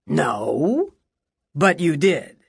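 Flamboyant male defense lawyer, put on by a woman narrator; slow, silky, mocking drawl, dry close sound. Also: sits low, very animated, creaky, slightly rough, dry recording, heavily acted. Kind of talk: audiobook character voice.

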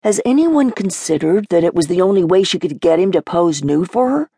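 A woman's voice: on the low side, animated, fairly quick, gravelly, mellow, husky, no echo, clean studio sound, heavily acted. A woman reading an audiobook, voicing a cocky, sardonic twelve-year-old boy with a theatrical, sneering manner.

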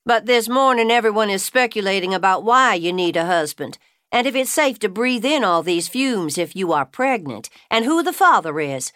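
A woman narrator voicing a playful, gossipy woman who talks up a bit louder and higher than the narration. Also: animated, moderate pace, no echo, clean studio sound, close to an everyday voice. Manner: playful, teasing, louder and livelier. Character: teasing Southern woman customer, gossipy and warm.

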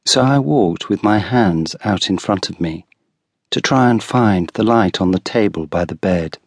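A man narrating a first-person story for an audiobook with clear, deliberate delivery. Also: low-pitched, no echo. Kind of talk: scripted first-person narration of a graded reader.

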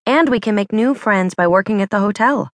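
A woman voicing a friendly young male treasure hunter who speaks in a steady, reassuring way. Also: mid-range voice, fairly quick, no room sound, clean studio sound, pitched above the performer's own voice, lightly acted.

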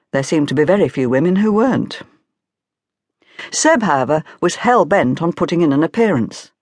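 A woman narrating a comic audiobook in a wry, measured storytelling manner on a close studio mic. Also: deep voice, darkish tone, no room sound.

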